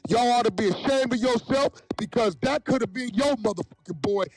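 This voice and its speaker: A man's voice: extremely high pitch, brisk, breathy edge, dry recording. A man in a profane livestream rant, angry and taunting, with a sing-song delivery.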